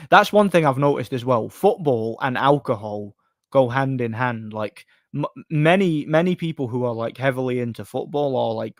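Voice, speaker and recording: A man's voice: mid-range voice, no echo, studio quality. A man, hosting a live stream and chatting bluntly about boxing while reading out comments. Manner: blunt, opinionated, rambling with restarts. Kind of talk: casual stream talk, reading chat.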